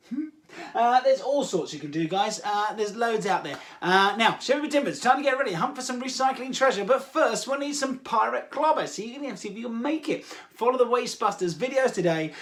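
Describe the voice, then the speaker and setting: English guy hosting a kids' show, high voice, goofy and chatty, lots of uhs. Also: fairly bright tone. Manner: playful, jokey, many "uh" fillers. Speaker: host of a children's activity show. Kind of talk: upbeat chat to children.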